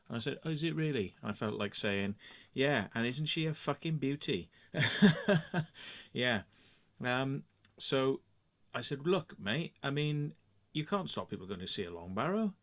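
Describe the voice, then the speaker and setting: A middle-aged English man telling a story in a sweary, sarcastic, animated rant to camera. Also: mid-range voice, unhurried. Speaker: vlogger. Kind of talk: casual ranting monologue.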